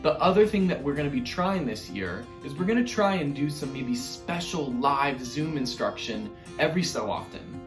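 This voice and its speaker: A man's voice: medium pitch, expressive, normal speed, hardly any pauses, roomy sound. A man teaching an online music lesson to young children in an upbeat, encouraging way, speaking directly to his class.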